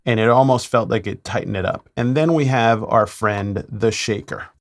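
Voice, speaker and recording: Lower-voiced man explaining drum mixing. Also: normal speed, soft background music. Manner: relaxed explaining, playful asides. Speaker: mix engineer. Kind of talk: mixing tutorial.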